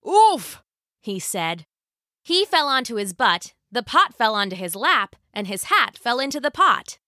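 A woman narrating a folk tale as a storyteller, slow and expressive. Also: on the high side, no room sound, clean studio sound.

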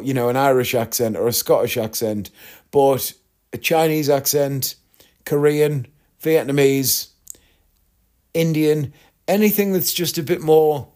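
A man's voice: medium pitch, a little mellow. A man hosting a podcast, telling a rambling travel story in a chatty way and laughing at his own tale. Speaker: podcast host. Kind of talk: casual storytelling monologue.

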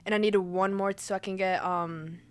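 A teenage girl chatting casually, telling an animated story with swearing and laughter. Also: medium pitch, normal speed. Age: teens. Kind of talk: casual chat.

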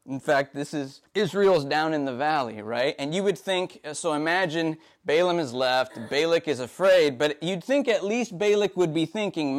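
A man's voice: fairly high pitch, animated, measured pace. A man preaching a sermon in a casual, conversational way. He keeps asking his listeners "right?" and acts out the characters' voices as he retells the story. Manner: conversational, often tags "right?". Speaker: pastor.

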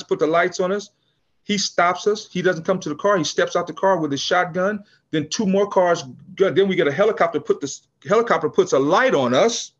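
A man's voice: high voice, muffled recording. A man in his sixties, a business founder from California, telling a story in a casual interview and acting out the people in it. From California, USA. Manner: animated storyteller, acts out quotes, frequent restarts. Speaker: podcast guest, business founder.

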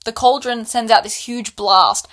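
A woman co-hosting a relaxed book chat, recounting events and slipping into characters' voices as she goes. Her voice sits a little high. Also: unhurried. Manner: animated, acts out characters' lines. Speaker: podcast co-host. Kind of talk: casual book recap chat.

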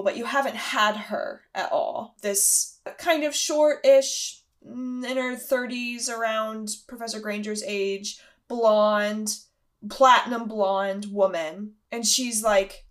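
A woman's voice: on the high side, slow. A woman narrating a tabletop role-playing game as game master, chatty and casual, with many fillers.

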